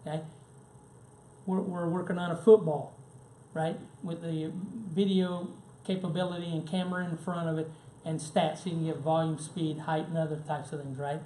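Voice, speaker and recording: A mellow, slightly high male voice with a level tone and moderate pace presents a conversational business seminar in a seminar room. He tells anecdotes and checks in with the audience, often saying "right?" and "okay?", in an echoey room with faint background noise.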